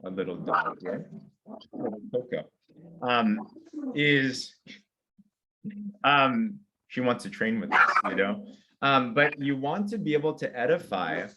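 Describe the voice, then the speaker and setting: An energetic man runs a sales training session and talks listeners through simple numbered steps. He acts out sample invitations in a friendly, upbeat way. His voice sits in the middle range for a man. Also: medium pitch, slow pace, long pauses. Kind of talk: motivational training talk.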